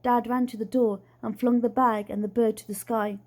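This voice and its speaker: A woman's voice: a little high, little pitch movement, normal speed, darkish tone. Woman reading a children's story aloud. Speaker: reader.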